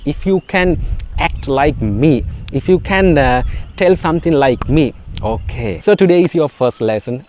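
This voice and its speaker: This beginner spoken English lesson comes from a Sri Lankan man whose first language is Sinhala. He has a mid-range, darkish voice and a halting delivery full of fillers and repeated words.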